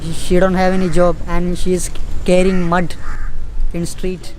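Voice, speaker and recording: A man with an Indian accent from Kerala speaking halting, simple English in an informal interview outdoors. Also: high-pitched, monotone, a little mellow, a little hiss or hum.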